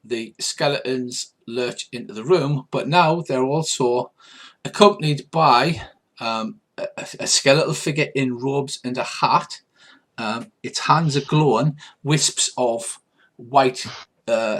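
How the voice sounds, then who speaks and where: An older man narrating as game master, relaxed and halting with lots of fillers. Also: medium pitch.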